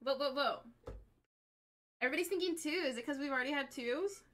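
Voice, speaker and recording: Bright, excitable young woman streamer. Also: high voice, brisk. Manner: chatty, excitable, reacts aloud. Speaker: game streamer. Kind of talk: live-stream gameplay chat with viewers.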